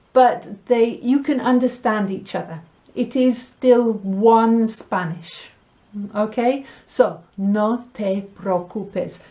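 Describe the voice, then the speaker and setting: A woman teaching a Spanish lesson, drilling sounds clearly and slipping Spanish words into her English. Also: medium pitch, a little mellow. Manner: slow, clear pronunciation drills with light laughs. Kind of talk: recorded language lesson.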